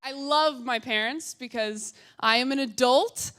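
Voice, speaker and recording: A woman's voice: high voice, measured pace, a loud crowd. A young woman doing a stand-up comedy set on stage, wry and punchy, slipping into quoted voices. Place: comedy stage before a live audience. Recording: noisy live stage recording.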